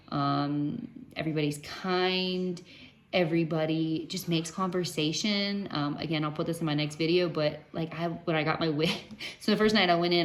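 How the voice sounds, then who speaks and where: A woman from West Virginia chatting to her viewers, telling stories with lots of fillers and restarts. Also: deep voice. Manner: chatty, animated storytelling with many fillers and restarts. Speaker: vlogger sharing cancer treatment updates. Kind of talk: casual chat to camera.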